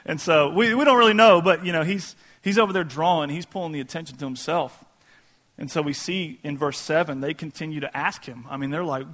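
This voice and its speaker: A pastor preaching a sermon in a casual, conversational way, acting out quoted voices. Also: male voice, fairly high pitch, quick pace, fairly bright tone.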